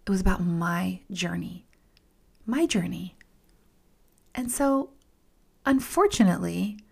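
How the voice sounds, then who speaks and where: A woman's voice: on the low side, slow, vocal fry, pauses often, husky. Candid woman telling a personal story. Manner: candid, emphatic, repeats words for stress, drops into whispers; addresses listeners as "you guys". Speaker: podcast host.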